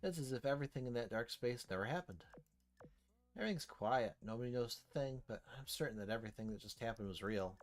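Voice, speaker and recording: A man's voice: medium pitch, expressive, quick pace. A man reading a game story aloud, narrating in first person with shifting dramatic intensity. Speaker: story reader. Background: faint background music.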